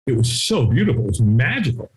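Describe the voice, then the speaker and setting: A middle-aged man telling a story as an interview guest, acting out the voices of people in it and sometimes shouting. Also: medium pitch, sing-song, fast. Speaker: guest, firewalking instructor. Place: his home.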